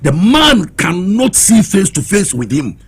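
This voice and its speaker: Raspy, high-pitched Ghanaian man. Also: very animated, measured pace. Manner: impassioned and challenging, switching between Twi and English. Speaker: political commentator. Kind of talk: heated political commentary.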